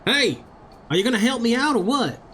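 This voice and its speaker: A man's voice: very animated, fairly quick, fairly bright tone, a little hiss or hum, heavily acted. A man voicing a frantic, brash young prisoner in a game, pleading and cocky in turns. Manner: high, urgent and cocky.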